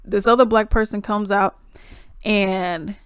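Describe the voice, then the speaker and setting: A woman vlogger telling a story in a casual, animated, exclamatory way. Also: mid-range voice, unhurried, clean tone, no echo, studio quality.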